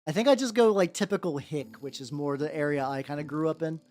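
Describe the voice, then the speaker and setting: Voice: mid-range voice, quick pace, darkish tone. Rambling streamer chatting while painting. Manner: rambling, many fillers and self-restarts. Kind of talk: casual live-stream chat while painting. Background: faint background music.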